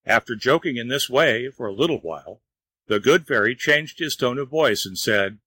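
A man narrating a storybook tale in a measured, even reading voice. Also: mid-range voice, husky, dry recording, low-quality recording.

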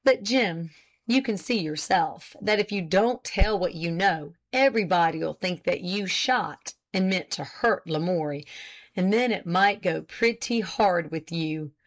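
Reading an audiobook, a woman voices a friendly young man, playing him as kindly and coaxing and quick to laugh. Her voice is on the low side, expressive and unhurried.

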